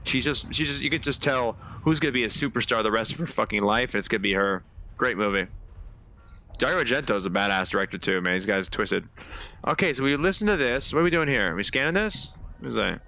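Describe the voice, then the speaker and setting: Lively, bright-voiced man streaming a game. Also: medium pitch, fast. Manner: chatty, swears often, talks to chat viewers. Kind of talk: live gameplay commentary.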